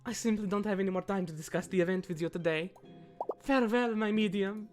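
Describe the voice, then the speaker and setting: A woman's voice: mid-range voice, fast talker, darkish tone, faint music behind, lightly acted. A woman voicing a sly old widow with a grand, mock-dramatic way of talking. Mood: gracious. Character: theatrical old widow, sly and self-satisfied.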